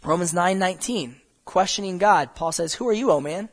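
A man's voice: high-pitched, brisk. A man preaching a sermon in a conversational way, stumbling over restarts and acting out quoted voices. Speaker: pastor.

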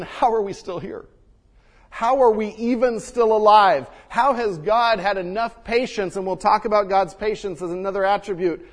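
A man preaching a sermon and reading scripture, swinging between loud emphasis and hushed quiet, recorded in a church sanctuary. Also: sits high. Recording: long reverb of a large hall.

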